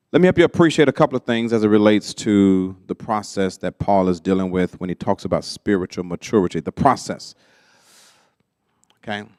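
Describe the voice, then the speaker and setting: A man's voice: mid-range voice, darkish tone, no echo, studio quality. A man leading a church teaching workshop, conversational and often checking that listeners follow. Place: church classroom.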